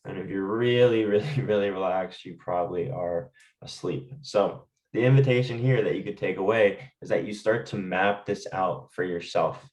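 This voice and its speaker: A man calmly teaching stress management and guiding listeners through breathing exercises, often checking in with "right?". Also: low voice, normal speed, echoey room, distant mic, poor audio. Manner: calm, talks directly to listeners with fillers and "right?". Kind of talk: guided lesson with breathing exercises.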